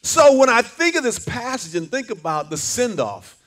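Older preacher guy, pretty high voice, fired up, keeps calling for amens. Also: very animated, normal speed, fairly bright tone, slight background noise. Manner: fervent call-and-response preaching, repeats words. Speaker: pastor. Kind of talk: sermon.

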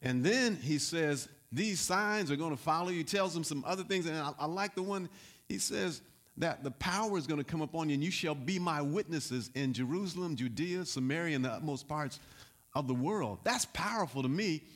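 A man preaching as pastor, repeating lines and building to loud calls to the congregation. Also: on the high side, animated, moderate pace. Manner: repetitive, rising to loud exhortation. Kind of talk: sermon.

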